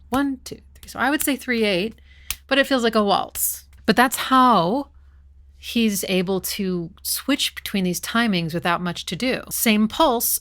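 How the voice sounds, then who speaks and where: A woman's voice: mid-range voice, a bit bright. A woman hosting her channel, chatting enthusiastically through a music analysis and humming short snippets as she explains. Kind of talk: casual music analysis commentary.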